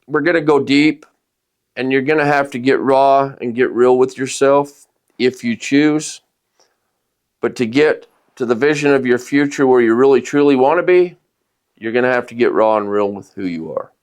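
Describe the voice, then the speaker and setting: A man's voice: medium pitch, normal speed. A man co-hosting a self-help podcast, giving motivational advice straight to his listeners. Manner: coaching, speaks straight to listeners. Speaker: podcast co-host and life coach. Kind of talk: motivational talk.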